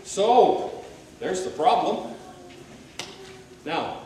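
A man preaching a sermon, swinging between loud rhetorical questions and low, quiet asides. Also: expressive, unhurried. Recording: very echoey hall, mic at a distance, faint hiss.

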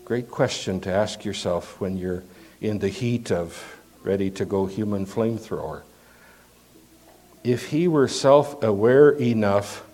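Slow-speaking man preaching a sermon. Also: mid-range voice. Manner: emphatic, rhetorical questions, swings from loud to hushed. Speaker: pastor.

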